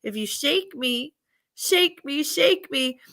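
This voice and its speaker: A woman's voice: high-pitched, lively intonation, a bit bright, pitched above the performer's own voice, exaggerated voice. A woman voicing a weary male apple tree in a bedtime story, asking a girl to shake him. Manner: slow, sighing, begging to be shaken.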